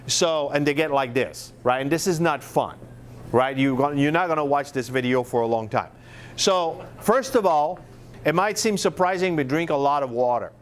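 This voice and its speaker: A man's voice: a little high, normal speed. A middle-aged man from France with a French accent, teaching a marketing workshop in a casual, chatty way with lots of fillers and restarts.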